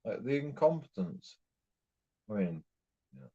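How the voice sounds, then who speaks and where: Husky, animated man ranting. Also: on the low side, unhurried. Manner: rambling, repetitive, swears constantly. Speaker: streamer. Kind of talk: profane ranting monologue. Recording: dull lo-fi recording.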